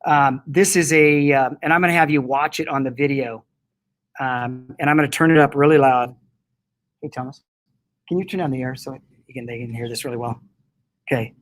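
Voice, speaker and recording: A man's voice: medium pitch, fairly even intonation, normal speed, fairly bright tone, rough recording. A man being interviewed about his company, talking enthusiastically, laughing often and restarting his sentences. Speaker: guest, company founder. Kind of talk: casual interview. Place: indoor room with air conditioning.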